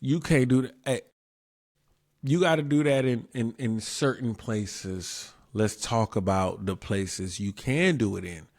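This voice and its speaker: In a dry, clean studio recording, a man with an unhurried, darkish medium-pitched voice hosts his own show. He offers casual commentary emphatically, repeating his points and posing rhetorical questions.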